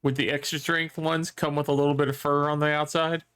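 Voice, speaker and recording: A man's voice: a little high, level tone, brisk, fairly bright tone, smooth. A man co-hosting a podcast in casual chat, teasing the others with dry one-liners. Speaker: podcast co-host.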